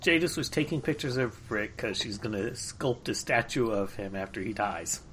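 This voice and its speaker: A man chatting casually on a podcast, calmly explaining his reasoning and laughing often. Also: lowish voice, moderate pace, a little hiss or hum.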